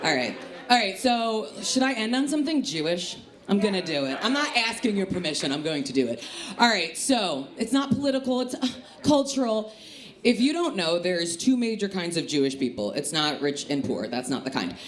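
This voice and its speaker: A woman from the Chicago area doing a stand-up comedy set on a club stage, with a punchy, lively delivery. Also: lowish voice, fairly quick. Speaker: stand-up comic. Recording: live club with echo and crowd laughter. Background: laughing audience.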